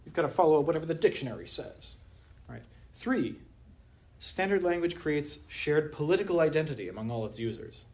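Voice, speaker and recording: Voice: mid-range voice, lively intonation, brisk, darkish tone. Wry lecturer. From Pittsburgh, USA. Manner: wry, humorous, rhetorical questions. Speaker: anthropology lecturer. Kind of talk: academic colloquium talk. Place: university lecture room.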